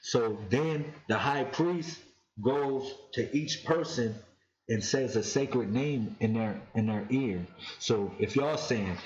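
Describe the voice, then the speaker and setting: A man giving a casual spiritual talk on his vlog, slowly chanting sacred names and speaking with excited emphasis. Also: lowish voice. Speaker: vlogger. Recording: echoey, dull lo-fi room sound.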